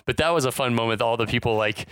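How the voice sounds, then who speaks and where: A man's voice: mid-range voice, quick pace, a bit bright, clear, resonant tone, dry recording. A man recapping a film on a podcast in casual, profane chat, laughing often. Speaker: podcast co-host.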